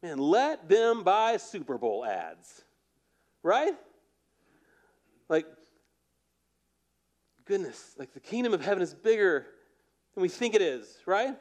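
Guy pastor preaching, kinda high voice, chatty and fired up, keeps asking right?. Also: slow pace, long pauses. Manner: animated, repeatedly asking "right?". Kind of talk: conversational sermon.

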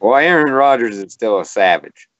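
A man's voice: mid-range voice, animated, normal speed, fairly bright tone, dry recording. A man co-hosting a casual sports podcast, joking and slangy. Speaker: podcast co-host. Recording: dry, dull lo-fi.

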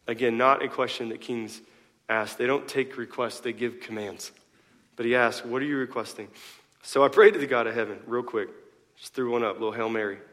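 A man's voice: medium pitch, steady tone, fairly quick, fairly bright tone, big-room sound. A male pastor preaching a sermon in a conversational way, full of rhetorical questions and joking asides.

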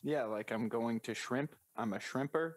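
A man riffing through an improvised comedy podcast bit, keeping a deadpan tone while he stacks up wordplay. His voice sits at an ordinary pitch. The recording is dry and close, with no room sound. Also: moderate pace, no room sound. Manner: spins absurd running bits with deadpan wordplay.

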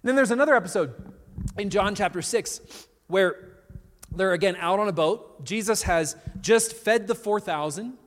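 A man preaching a sermon, telling a story with animated retellings and quoted voices. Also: high-pitched. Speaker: pastor. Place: church in Colorado. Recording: long reverb of a large hall.

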